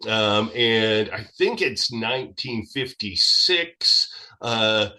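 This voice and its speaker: A man speaking as a guest in an interview, explaining history at length in a lively, expansive way. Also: lowish voice, takes it slowly.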